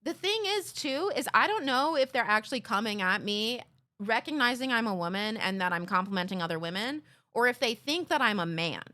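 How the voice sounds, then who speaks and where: A woman's voice: on the high side, expressive, fairly quick, sharp tone. A woman live streamer talking casually with her chat, ranting with sarcasm and swearing.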